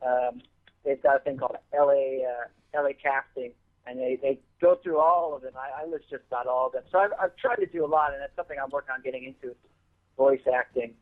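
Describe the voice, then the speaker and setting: A man's voice: mid-range voice, fairly even intonation, fairly quick. A man, a guest actor on the show, chatting casually and rambling with lots of restarts. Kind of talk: casual chat. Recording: phone-line audio.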